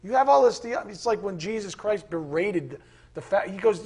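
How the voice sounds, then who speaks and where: Male preacher, husky, high voice, emphatic sermon delivery with sarcastic asides. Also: expressive, normal speed, a little mellow.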